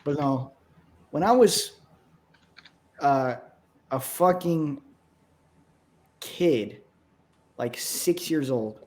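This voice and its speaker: A man's voice: on the high side, drawn-out words, pauses often, darkish tone. A young man in casual chat with friends, swearing and laughing through his stories.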